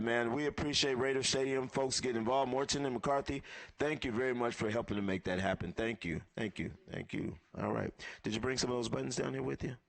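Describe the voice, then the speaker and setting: A man's voice: mid-range voice, a bit bright. A man emceeing a live event, thanking sponsors and calling guests up one by one in an upbeat way.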